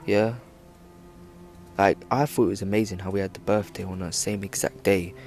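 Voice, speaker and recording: Young man, vlogger, storytime, rambling, filler-heavy, low voice, faint music behind. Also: steady tone, normal speed, a little mellow. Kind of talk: storytime vlog.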